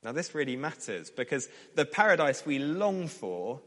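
A man preaching a sermon, reading scripture with emphatic rises and letting his phrase ends drop low. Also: very animated, moderate pace, fairly bright tone, big-room sound.

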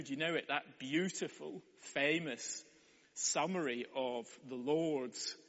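A man's voice: a little high, a bit bright, breathy edge. A man preaching a sermon in a wry, conversational way. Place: church hall. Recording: echoey hall, dull sound.

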